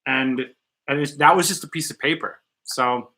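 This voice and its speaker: A man's voice: medium pitch, normal speed, sharp tone. A man hosting a casual podcast chat in a studio, blunt and joking, with some profanity. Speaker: podcast host.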